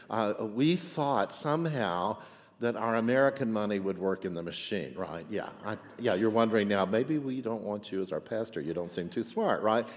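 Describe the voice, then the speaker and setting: A man's voice: on the low side, long reverb tail. A man preaching a sermon as pastor, telling a story in a chatty way and often asking for an amen. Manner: chatty, asks for amens and "right?".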